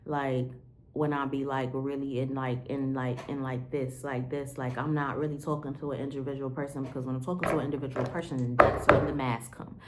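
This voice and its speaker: A woman's voice: very deep voice, little pitch movement, fairly quick, a bit bright, slight background noise. A woman talking to the camera in a candid, rambling diary-style monologue, full of "like" fillers and casual swearing. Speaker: vlogger.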